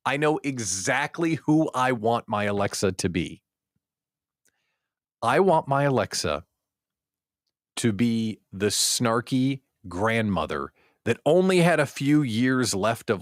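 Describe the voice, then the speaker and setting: A male host of a daily livestream talk show who speaks in an animated, joking way. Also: medium pitch, a little slow, long pauses, no room sound, clean studio sound.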